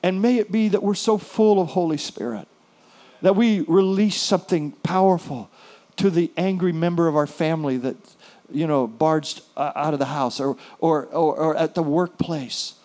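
A man preaching a sermon as a pastor, telling a story with hushed, soft passages and sudden louder bursts. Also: fairly high pitch, normal speed.

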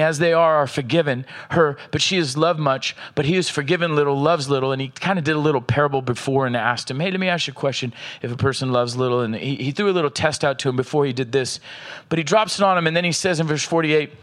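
A man preaching a sermon, reading scripture aloud with slow emphasis and checking in with the congregation. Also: on the high side, a bit bright. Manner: asks the audience "are you with me", reads scripture aloud with slow emphasis. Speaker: pastor.

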